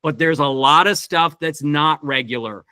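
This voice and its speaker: A man's voice: fairly high pitch, moderate pace, sharp tone, clean tone, dry recording. A man directing actors in a verse workshop over a video call, thinking aloud with many restarts. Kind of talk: teaching talk on Shakespeare verse.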